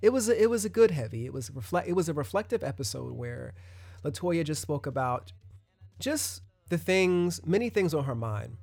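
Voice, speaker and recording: A man's voice: fairly high pitch, sing-song, moderate pace, vocal fry, a little mellow, dry recording. A man hosting his own podcast, talking loosely in a casual solo monologue with restarts and asides. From United States. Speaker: podcast host.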